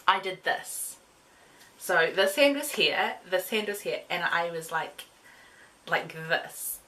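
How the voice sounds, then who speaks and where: A young woman telling a fan story in a casual bedroom vlog, excitable and gushing, with giggles and drops to a whisper. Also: fairly low pitch, unhurried. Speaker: vlogger.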